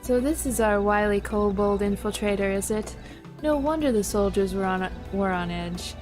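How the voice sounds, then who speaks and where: Woman putting on a gruff smug male commander. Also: moderate pace, darkish tone, soft background music, lightly acted. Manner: lowered, mock-gruff reading. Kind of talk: reading game dialogue aloud.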